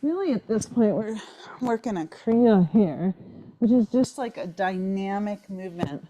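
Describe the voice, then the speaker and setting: A woman guides a playful yoga session while doing the moves herself, a little out of breath. She talks slowly and easily, with encouraging asides, and a faint hiss sits under her voice. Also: medium pitch, lo-fi sound. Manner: encouraging, relaxed, repeats "right?" and "maybe you're here". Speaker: yoga instructor. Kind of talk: guided yoga class instruction.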